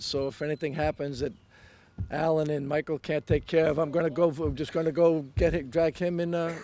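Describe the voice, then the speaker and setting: An older man giving a heartfelt, halting dedication speech outdoors, with many fillers. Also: on the high side, a little mellow. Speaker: dedication speaker. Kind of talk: public speech. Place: outdoors at a pond.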